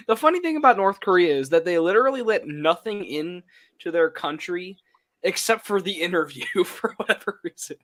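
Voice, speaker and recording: A man's voice: sits high, animated, normal speed, a bit bright. Young man chatting, laughing a lot. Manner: laughs often, rambling with many fillers. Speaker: co-host of a movie watch-along. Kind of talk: casual chat.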